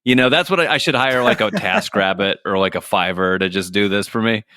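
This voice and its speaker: A man's voice: fairly low pitch, a little fast, smooth, no room sound. A man from New York City, guest author on a podcast, chatting casually with dry jokes. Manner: dry joking, animated quoting.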